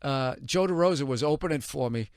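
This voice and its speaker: A man's voice: mid-range voice, brisk, smooth, no echo, studio quality. A middle-aged man from the Boston area telling blunt, profane stories as a podcast host. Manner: blunt, profane anecdotes with animated quoted voices. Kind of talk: casual chat, storytelling.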